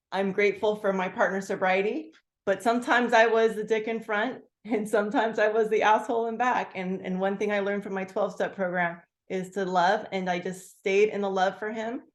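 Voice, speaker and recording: A woman leading a group, sharing her story candidly and haltingly, full of "like" fillers, on a video call. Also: mid-range voice, roomy sound. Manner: candid, halting, many "like" fillers, bursts of acted-out quotes. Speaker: team leader sharing gratitude.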